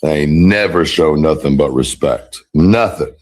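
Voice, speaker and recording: A man's voice: rumbling low, measured pace, darkish tone. A man ranting on a casual livestream, defiant and profane, with a drawling delivery. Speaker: livestreamer being critiqued.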